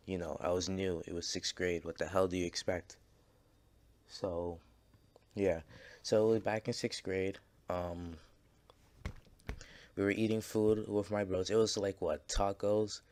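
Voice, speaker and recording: A man's voice: low-pitched, steady tone, measured pace, long pauses, darkish tone. A man casually telling a story over gameplay, rambling and swearing, with lots of fillers and restarts. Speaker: gaming channel creator.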